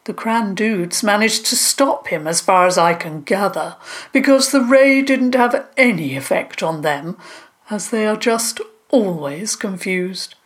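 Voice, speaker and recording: A woman doing a wise, gentle old forest monster. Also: medium pitch, expressive, a little slow, lightly acted. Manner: gentle and hesitant. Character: wise, kind, modest male forest monster.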